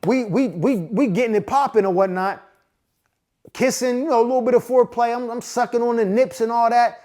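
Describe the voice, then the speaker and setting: A man's voice: very high-pitched, brisk. A man in his forties from Pittsburgh, telling a comedic personal story in casual slang with frequent asides to the listener. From Pittsburgh, USA. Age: 40s. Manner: animated, slangy, acts out the people in his story; frequent asides of "you know what I'm saying". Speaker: podcast host.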